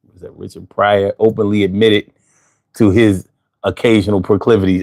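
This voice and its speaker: A man hosting a livestream, chatting casually and reading out viewer comments in a drawling, animated way. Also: on the low side, moderate pace. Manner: drawling, animated, talks back to chat. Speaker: livestream host.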